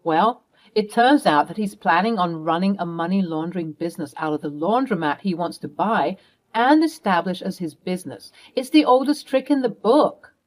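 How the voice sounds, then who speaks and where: A woman's voice: fairly low pitch, lively intonation, moderate pace, lightly acted. Woman reading as a fierce, accusing mother. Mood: confiding. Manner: firm, accusing, commanding. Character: fierce protective middle-aged mother.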